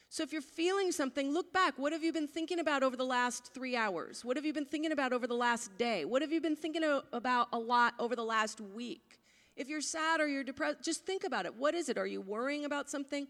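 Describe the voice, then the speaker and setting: A woman's voice: sits high, fairly bright tone. A woman pastor giving a conversational sermon, often asking her listeners questions. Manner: conversational, asks the congregation questions. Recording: long hall reverb.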